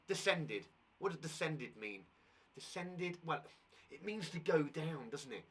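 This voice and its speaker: A man with a British English accent teaching a live online lesson for primary school children, talking straight to the kids at home and reading a story aloud slowly. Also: on the high side, recorded from a distance. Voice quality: husky, animated.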